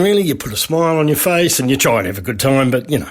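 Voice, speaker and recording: A man's voice: medium pitch, big pitch swings, fast talker, few pauses, slightly rough. A man with an Australian accent telling a rambling, casual anecdote about making a radio ad. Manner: rambling, with many restarts and asides. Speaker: radio advertising creator.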